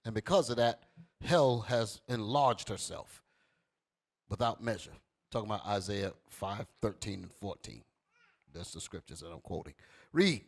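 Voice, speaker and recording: A man preaching a fiery sermon, commanding a reader to read verses and then expounding them. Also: unhurried. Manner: swings from low and quiet to loud and high. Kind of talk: street sermon with scripture reading.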